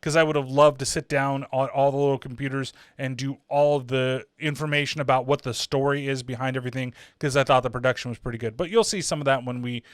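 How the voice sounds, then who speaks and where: A man hosts a channel with casual horror film reviews, rambling and swearing freely, his speech full of "like" and "uh". His voice is medium-pitched and steady, quick with few pauses, in clean studio sound without echo.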